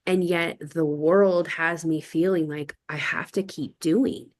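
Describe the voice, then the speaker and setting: A woman's voice: sits low, steady tone, slow. A woman talking reflectively in a casual group conversation, wandering through her thoughts and acting out quoted phrases.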